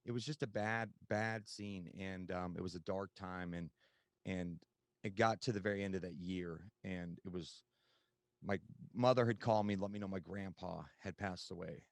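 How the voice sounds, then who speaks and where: Male guest, low voice, dry close sound, candid storyteller full of ums. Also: fairly even intonation, moderate pace, vocal fry, no echo. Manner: candid, conversational storytelling with many fillers. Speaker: podcast guest. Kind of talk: personal recovery story.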